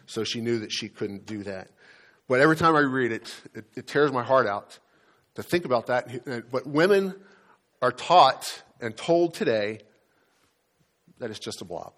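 A male pastor preaches in a church, his voice sitting at an ordinary middle pitch. He tells a personal story earnestly, often pausing and restarting mid-sentence as he gathers his thoughts. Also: animated, fairly bright tone.

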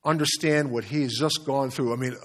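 A male pastor delivers a sermon as an animated story. He talks at a middling pitch, sometimes repeats his words and lets small chuckles slip in. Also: moderate pace.

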